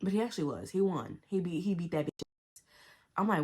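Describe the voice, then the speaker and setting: Woman book vlogger with a low voice: casual, slangy, and cusses freely with big reactions. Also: fairly quick. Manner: animated, blunt and profane, with exaggerated reactions; talks to herself and the viewers with slang. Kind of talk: casual book review chat.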